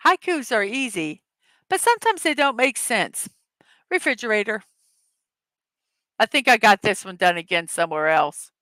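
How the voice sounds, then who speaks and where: A woman hosting a daily morning show in a casual, upbeat, chatty way, reading puzzle words slowly one at a time and greeting her viewers. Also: a little high, big pitch swings, bright, forceful tone, no echo. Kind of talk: casual livestream chat, reading puzzle words and memes aloud.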